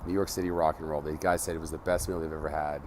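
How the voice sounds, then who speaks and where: A man's voice: a bass voice, level tone, fast talker, noisy background. A man managing a band, telling earnest, profane stories in a casual vlog from a city street at night.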